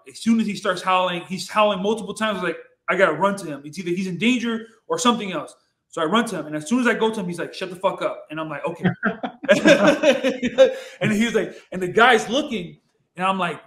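A high-pitched man tells his story as a podcast guest. He talks in an excitable, rambling way, swearing freely and repeating phrases. The recording has a noticeably roomy echo. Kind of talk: casual storytelling.

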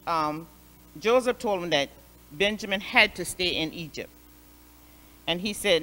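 A woman Sunday school superintendent telling a Bible lesson as a story, expressive and repeating phrases for emphasis, in a church. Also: lowish voice, measured pace. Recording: long hall reverb.

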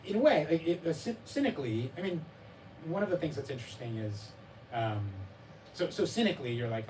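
Fairly quick and on the high side, this man's voice swings widely in pitch as he discusses his memoir live at a bookstore. His talk is self-deprecating and loose, with many fillers and restarts, and he acts out his child's and readers' voices with a laugh. Background noise and room ambience come through a far-off mic.

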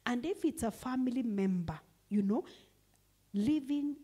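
A woman's voice: on the high side, lively intonation, a little slow, warm tone, slightly rough. A woman with a Kenyan accent preaching a sermon in church, emphatic and repeating her key phrases. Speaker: guest preacher.

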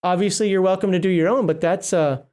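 Reviewing a tabletop RPG book on a casual livestream, this middle-aged host reads out the rules and rambles, frequently breaking off mid-word. He speaks fast in a high-pitched, steady, slightly mellow voice.

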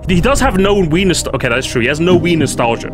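Animated man reacting over music. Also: a little high, fast. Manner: animated, predicting and pleading, bursts of laughter. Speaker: reaction streamer. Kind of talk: excited reaction commentary. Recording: music playing under the voice.

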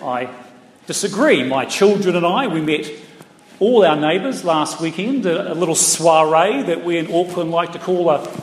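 A man's voice: fairly high pitch, lively intonation, moderate pace. A middle-aged man with a New Zealand accent telling stories in a chatty stand-up set with playful asides to the crowd. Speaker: stand-up comedian. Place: large town hall stage. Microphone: stage mic through PA. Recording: echoey hall from a distance. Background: audience laughter.

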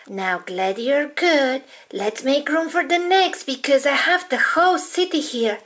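A woman's voice: high-pitched, animated, unhurried, hardly any pauses, fairly bright tone. A woman voicing dolls in a toy-play video, in a childlike, sing-song way. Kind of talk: toy play with doll voices.

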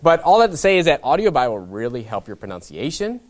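A young adult to middle-aged pastor preaches in a conversational way, talking fast in a sing-song voice. His pitch and loudness swing widely, and he keeps checking in with "okay?".

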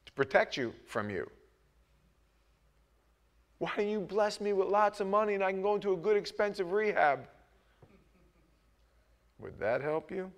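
A middle-aged man preaching a sermon as pastor, talking with the congregation and swinging between hushed asides and loud, emphatic bursts. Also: sits high, lively intonation, a little slow, pauses often. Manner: conversational, asks the congregation questions.

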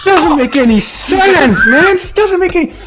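A man's voice: very high voice, expressive, unhurried, loud music behind the voice. A man playing a game with friends, swearing constantly and ranting in frustration. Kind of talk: heated multiplayer gaming chat.

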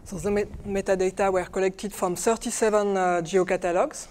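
A woman's voice: mid-range voice, steady tone, normal speed, a little mellow, a little hiss or hum. A woman with a French accent giving a technical conference talk, hesitant, with many fillers and restarts. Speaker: conference speaker. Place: conference room.

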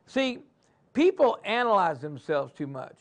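A middle-aged man preaching a sermon in a high, light voice. He calls on the congregation to answer him, swinging from loud, driving declarations down to quiet, personal storytelling. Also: big pitch swings, a little slow. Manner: preaching with call-and-response, swinging between loud and soft. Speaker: pastor.

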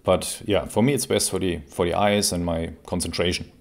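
A man, creaky after a cold, explaining an airgun in a relaxed, casual review with plenty of fillers. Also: deep voice, moderate pace. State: recovering from a cold. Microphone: camera mic while seated.

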